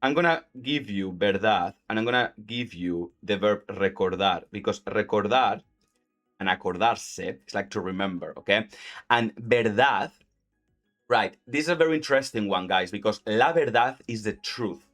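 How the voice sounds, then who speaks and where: A man's voice: lowish voice, normal speed, a bit bright. A Spanish-speaking man, casually teaching Spanish while gaming, chatty and full of "like". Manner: chatty, heavy use of "like", laughs often. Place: at home. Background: faint game music.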